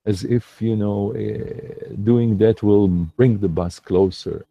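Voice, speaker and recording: A man talking as a meditation teacher in a slow, reflective livestream talk, pausing and restarting often. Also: on the low side, creaky, no room sound, dull audio. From lives in New York City.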